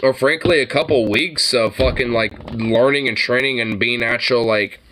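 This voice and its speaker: A man giving casual, animated reaction commentary on gun videos, swearing often and laughing at the clips. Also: mid-range voice, normal speed, slight background noise.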